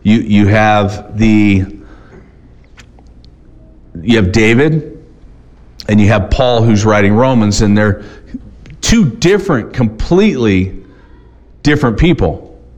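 A man preaching a sermon, reading scripture aloud slowly and then explaining it in plain, conversational talk with some restarts. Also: fairly low pitch, expressive, darkish tone.

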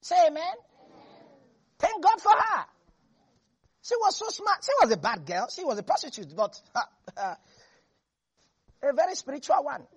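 A preacher delivering an animated, humorous sermon to a congregation. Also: high-pitched, moderate pace, long pauses. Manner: animated, jokes and laughs with the congregation.

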